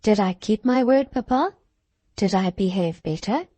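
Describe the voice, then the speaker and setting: A woman voicing a lively, pert young woman who speaks eagerly, pitched higher than her narration. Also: moderate pace, no room sound, natural voice.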